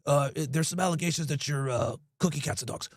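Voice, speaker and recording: A man's voice: on the high side, no room sound, studio quality, voice pushed down, close to an everyday voice. A man voicing a stiff, hesitant male government caller who fakes seriousness and stumbles over ums. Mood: mock serious. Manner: halting, full of ums, faking seriousness.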